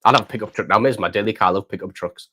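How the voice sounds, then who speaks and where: A man's voice: fairly low pitch, rapid-fire, bright, forceful tone, husky. A middle-aged man from the United Kingdom, hosting a casual chat and saying mate often. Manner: chatty, says mate often. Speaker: host.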